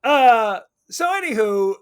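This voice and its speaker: A man co-hosting a podcast, telling a movie's story in a casual, animated way with cursing and laughter. His voice sits high for a man. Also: slow, smooth. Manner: loose and profane, animated retelling with laughs. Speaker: podcast co-host. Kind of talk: casual movie recap chat.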